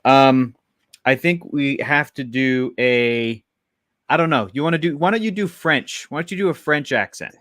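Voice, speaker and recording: A man hosting a comedy film podcast in loose, playful chat. His voice sits at an ordinary middle pitch with a dry, close sound, and he laughs often and restarts his sentences as he rambles. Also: normal speed, a bit bright, dry recording. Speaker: podcast co-host.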